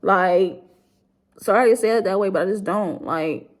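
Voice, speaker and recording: Young woman YouTuber, grieving storytime, rambling and blunt, mid-pitched voice. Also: normal speed. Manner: rambling, heavy use of "like", blunt and profane. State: grieving, subdued. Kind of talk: emotional storytime vlog.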